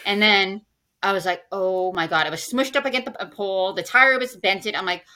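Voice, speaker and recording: A woman's voice: medium pitch, a little fast, pushed and bright. A woman who works as a financial planner, a podcast guest telling a personal story in casual conversation and acting out her own past lines.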